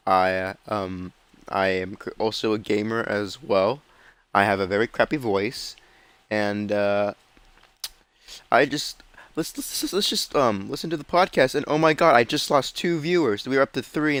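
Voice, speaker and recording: A young man hosts a podcast with a flat, monotone delivery that keeps stalling on ums and uhs. His voice sits in a middle register. It is recorded close to the mic and sounds dry, with no room around it. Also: medium pitch, normal speed, no echo. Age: young adult. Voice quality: self-described monotone. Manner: hesitant, full of ums and uhs. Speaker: podcast host. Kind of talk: casual chat while streaming a game.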